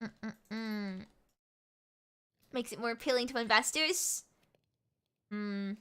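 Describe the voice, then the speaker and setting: A young woman streaming and chatting with viewers, talking fast and giggling, with a mixed American and British accent. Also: a little high, sharp tone, smooth. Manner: rapid, giggly, repeats words. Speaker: VTuber streamer. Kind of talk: casual live-stream chat with viewers.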